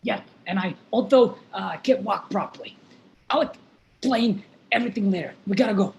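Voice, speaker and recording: A woman's voice: medium pitch, moderate pace, creaky, reverberant, lightly acted. A woman voicing a limping, lisping masked man who urgently pleads and whispers, in a live play reading over a video call. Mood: hurried. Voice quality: lisp.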